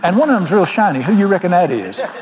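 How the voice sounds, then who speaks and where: High-voiced Southern preacher in a hall. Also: male voice, big pitch swings, fast, a crowd in the background, background noise. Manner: folksy, emphatic storytelling. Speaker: pastor. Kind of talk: sermon. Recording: long reverb of a large hall.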